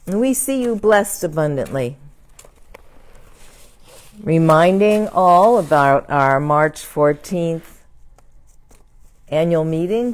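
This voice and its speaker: A woman minister leads her congregation in prayer. Her voice sits low, and she speaks at an unhurried, gentle pace. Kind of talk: church service closing and prayer.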